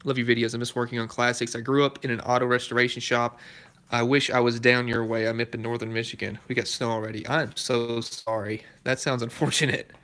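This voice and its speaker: A man's voice: medium pitch, flat delivery, fairly quick, fairly bright tone. A man running a casual live stream from his garage, reading viewer comments aloud and chatting in a laid-back way. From Southern United States. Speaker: car restoration YouTuber. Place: garage workshop.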